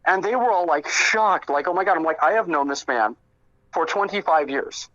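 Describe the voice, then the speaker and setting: A man's voice: a little high, lively intonation, moderate pace, bright, forceful tone, lo-fi sound. A man telling stories about an old friend in a casual interview, rambling with many fillers and restarts. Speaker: interview guest, friend recounting memories.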